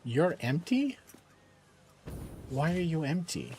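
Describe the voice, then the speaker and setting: Lively high-voiced male streamer. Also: slow pace, a little hiss or hum. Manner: chatty, talks to his dogs and chat. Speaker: charity game streamer. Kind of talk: casual live-stream chat.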